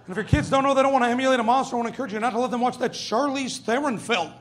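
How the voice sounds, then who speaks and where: Young male stand-up, high-pitched and brash, swears freely, faint noise behind. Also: racing. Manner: brash, profane, acts out quoted voices. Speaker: stand-up comedian. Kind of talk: stand-up comedy set. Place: comedy club stage with audience.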